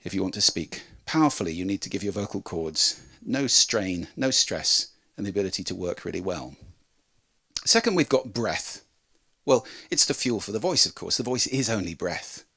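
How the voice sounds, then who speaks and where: A man presenting a talk on how to speak, demonstrating with lively changes of pitch and volume. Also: normal speed. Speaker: speaker on voice and communication.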